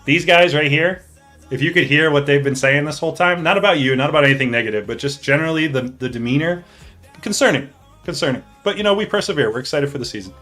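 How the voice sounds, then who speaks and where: A man streaming live, talking straight to his chat in a joking, excitable way with the odd swear word. His voice sounds bright and forward, and faint music plays underneath. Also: fairly high pitch, fast. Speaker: streamer hosting a hockey league draft.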